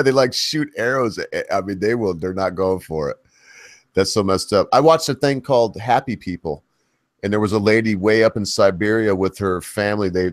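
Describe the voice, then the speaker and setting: A man's voice: deep voice, no room sound. A man hosting a casual panel chat, rambling and folksy, often correcting himself mid-sentence. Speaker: host.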